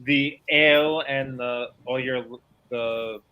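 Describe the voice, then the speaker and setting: A man playing a tabletop game, hesitant and deadpan, with many pauses and fillers. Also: medium pitch, smooth, dull audio. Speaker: player.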